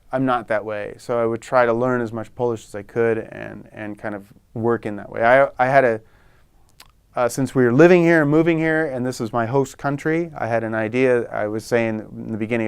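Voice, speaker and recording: Middle-aged American man, chatty storyteller, smooth clear voice, close dry sound. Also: medium pitch, fairly quick, dry recording. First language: English. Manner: chatty, animated, acts out quoted voices. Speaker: guest, photographer. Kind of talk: relaxed conversational storytelling.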